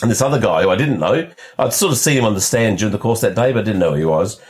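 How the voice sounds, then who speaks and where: Low-voiced man telling a rambling story. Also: animated, rapid-fire. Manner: rambling, repeats words as he restarts, laughs often. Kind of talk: casual storytelling chat.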